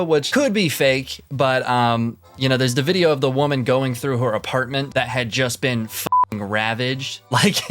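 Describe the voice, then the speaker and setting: A man's voice: medium pitch, a bit bright. A man giving casual reaction commentary, rambling and swearing often, with many fillers and restarts. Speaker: commentary YouTuber.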